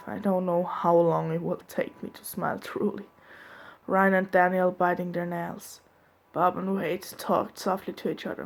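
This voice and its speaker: A woman's voice: lowish voice, vocal fry. Young-sounding woman reading fanfiction aloud. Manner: casual, earnest, drops in chatty asides. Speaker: fanfiction reader.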